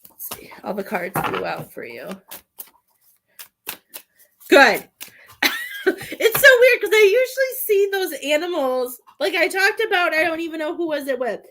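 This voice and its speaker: Woman, tarot reader and medium, somewhat high voice, talkative and heartfelt, laughs a lot, gets emotional. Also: very animated, unhurried, pauses often, slight background noise. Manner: chatty, warm-hearted, laughs often between thoughts; emotional, near tears at times. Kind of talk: live tarot reading.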